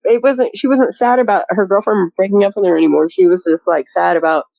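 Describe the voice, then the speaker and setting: Chatty woman with a gravelly creak. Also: medium pitch, a little fast, warm tone, dry recording, poor audio. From rural area. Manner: rambling, chatty, full of "you know" and restarts, laughs often. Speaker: guest recounting a sighting. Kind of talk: casual storytelling.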